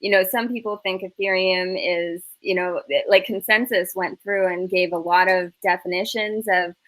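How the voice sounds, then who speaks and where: A woman guest on a panel chat, summarising news in a measured, hesitant way with many fillers. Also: lowish voice, steady tone, fairly bright tone.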